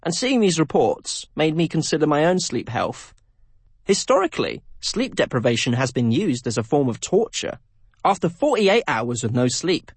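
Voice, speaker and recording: Husky lively male documentary presenter. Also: a little high, no echo. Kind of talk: scripted documentary narration.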